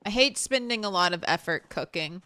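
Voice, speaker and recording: A woman's voice: on the low side, expressive, a little fast, pushed and bright, dry recording. A woman from the Southern United States streaming a game and chatting with her viewers in a blunt, talkative way, swearing and laughing now and then. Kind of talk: casual chat while streaming a game.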